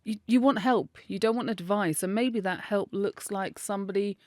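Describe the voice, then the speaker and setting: A woman's voice: medium pitch, normal speed, darkish tone, dry recording, studio quality. A woman co-hosting a podcast in a casual chat, talking in a chatty way, laughing often and swearing freely. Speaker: podcast co-host.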